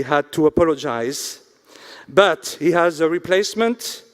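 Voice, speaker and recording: A man hosting an awards ceremony in a hotel event hall. He reads out sponsors slowly and drops jokes between them. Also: high-pitched. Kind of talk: emcee announcing and joking on stage.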